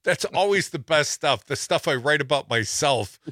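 A man's voice: on the high side, lively intonation, moderate pace, fairly bright tone, no room sound. A man hosting a talk radio show, reading news stories with sarcastic asides and a wry, laughing delivery into a studio microphone.

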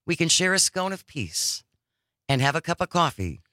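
Chatty bright-voiced male radio host. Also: fairly high pitch, very animated, normal speed, no room sound, studio quality. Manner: chatty, enthusiastic promoter. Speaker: radio talk show host. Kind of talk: casual radio chat.

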